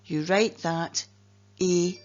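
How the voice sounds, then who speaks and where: A woman with a Scottish accent, a teacher slowly and carefully explaining spelling patterns and sounding out words letter by letter. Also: on the low side, fairly even intonation. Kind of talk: phonics lesson narration. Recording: dull lo-fi recording.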